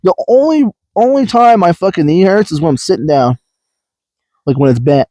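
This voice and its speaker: Brief: young guy, casual podcast storyteller, rambly and profane, a bit high-pitched, dry close sound. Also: sing-song, moderate pace, dry recording. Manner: rambling storyteller, swears a lot, acts out quotes loudly. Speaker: podcast co-host. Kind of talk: casual chat.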